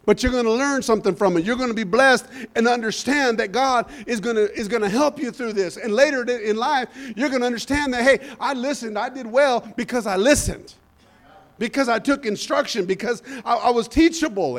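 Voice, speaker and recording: A man preaching a sermon in an animated storytelling style, rising to shouts and calling out "amen?" and "hallelujah" between points. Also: very high voice.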